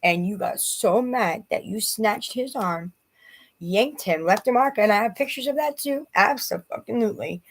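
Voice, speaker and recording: A woman in her forties talking straight to the camera in a rambling, emotional personal vlog, often restarting her sentences as she vents. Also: on the low side. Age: 40s. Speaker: vlogger.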